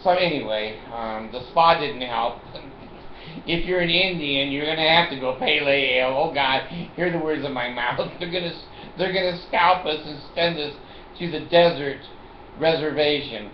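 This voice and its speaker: A man's voice: on the high side, moderate pace, a little hiss or hum. Rambling older man joking in a roomy room. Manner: rambling, joking, laughs often. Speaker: vlogger. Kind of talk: casual monologue to camera. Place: at home in a chair. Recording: roomy, dull home recording.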